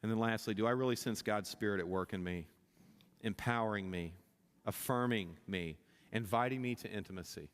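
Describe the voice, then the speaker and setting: Man preaching in an echoing church. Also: brisk. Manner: impassioned, rising in pitch and volume at climaxes, many restarts. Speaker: pastor. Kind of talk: sermon. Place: church sanctuary. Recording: long reverb of a church hall.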